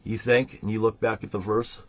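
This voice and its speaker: A man delivering an angry, profane, preachy monologue, swinging between loud outbursts and quiet threats. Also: fairly low pitch, level tone, moderate pace. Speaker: online ranter. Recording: dull lo-fi recording.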